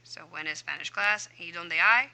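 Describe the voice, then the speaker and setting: Bright-voiced woman teacher talking through answers. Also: on the low side, normal speed, clean tone, rough recording. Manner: chatty, talks herself through each step aloud. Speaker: Spanish teacher. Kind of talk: explaining a homework answer key.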